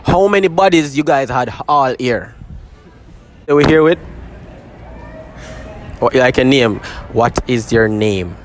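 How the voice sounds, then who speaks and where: A man's voice: medium pitch, animated, takes it slowly, long pauses, a little hiss or hum. A man hosting a street interview outdoors in a city, teasing people with slang and jokes. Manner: joking, teasing, heavy slang.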